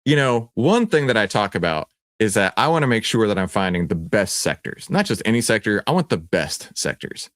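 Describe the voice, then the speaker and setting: A man with a Texan accent hosting a livestream, playful and teasing, often jumping to excited shouts. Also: lowish voice, brisk, few pauses, dry recording, clean studio sound. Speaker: livestream host. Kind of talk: animated livestream presentation.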